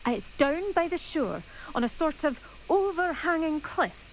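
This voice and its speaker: A woman with a soft Scottish accent voicing a gentle woman in a video game who dotes on a rare bird. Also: high voice, very animated, a little slow, a little hiss or hum, exaggerated voice, rough recording. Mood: earnest. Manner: soft, doting, earnest. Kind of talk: game character dialogue.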